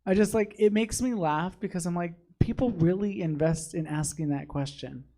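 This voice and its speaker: A man's voice: high-pitched, normal speed, mellow. Candid man laughing through a chat. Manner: laughs often, dry and candid. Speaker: guest drag performer. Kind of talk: casual interview chat. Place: studio in a comedy theater.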